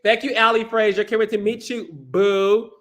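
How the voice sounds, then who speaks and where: A man's voice: sits high, steady tone, moderate pace, a bit bright. A man hosting a live stream, reading out viewer comments in a sassy, playful way and calling people honey and child. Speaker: podcast host.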